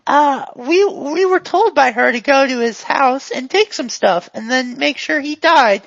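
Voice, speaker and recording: A woman's voice: high voice, lively intonation, measured pace, gravelly, no room sound, pitched above the performer's own voice, exaggerated voice. A woman voicing a dazed, overfriendly male gang member whose mind keeps glitching. He talks eagerly and forgets himself mid-thought. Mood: chatty. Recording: dull lo-fi recording.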